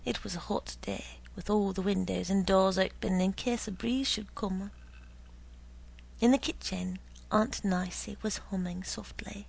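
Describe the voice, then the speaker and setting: A woman narrating a story in a slow, hushed way, often dropping to a whisper. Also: medium pitch, fairly even intonation, creaky, husky, low-quality recording.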